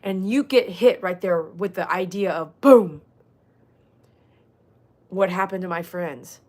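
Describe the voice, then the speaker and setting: A Texan woman runs a casual livestream as a dog groomer, chatting with viewers, reading their comments aloud and saying y'all. Her fairly low voice moves slowly, and she's animated, swinging from loud mock outbursts to soft, earnest talk.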